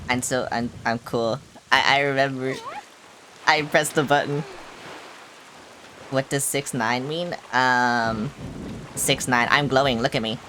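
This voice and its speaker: A woman's voice: deep voice, a bit bright, slight background noise. A woman streaming a video game, chattering in a hyper, rambling way and swearing playfully. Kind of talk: casual gaming livestream chatter.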